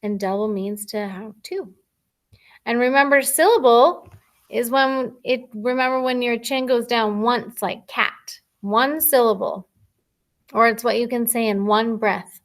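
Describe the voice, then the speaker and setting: Woman teacher, kids' phonics video, slow patient delivery, slightly high voice. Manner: slow, patient, thinking aloud while writing. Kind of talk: recorded phonics lesson for children.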